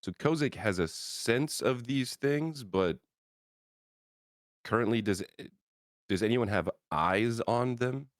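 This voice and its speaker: A man's voice: medium pitch, animated, slow, pauses often, no echo, clean studio sound. A man playing a tabletop role-playing game, thinking aloud with hesitant fillers. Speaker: player. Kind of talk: casual tabletop game chat.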